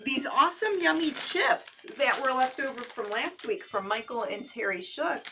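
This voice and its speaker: A woman's voice: high voice, animated, moderate pace, distant mic, noisy background. A woman co-hosting a late-night movie show, chatting in an upbeat way with many fillers. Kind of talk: casual co-host chat.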